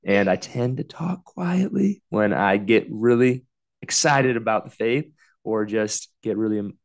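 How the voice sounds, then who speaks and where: A man co-hosting a faith podcast, talking earnestly and softly, laughing easily, and leading a spoken prayer into a podcast microphone. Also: fairly low pitch, animated, measured pace. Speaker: podcast co-host. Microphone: new podcast microphone.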